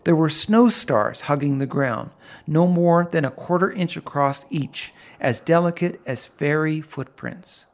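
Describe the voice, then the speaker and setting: A middle-aged man reading a first-person story aloud, in an unhurried, vivid and descriptive manner. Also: on the high side. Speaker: narrator. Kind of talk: first-person audiobook narration.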